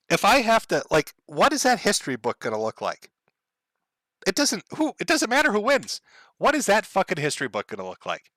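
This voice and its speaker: A man's voice: high-pitched, wildly swooping pitch, moderate pace, pushed and bright, no room sound. A man rambling sardonically through a casual livestream monologue, swearing freely and laughing often. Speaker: streamer.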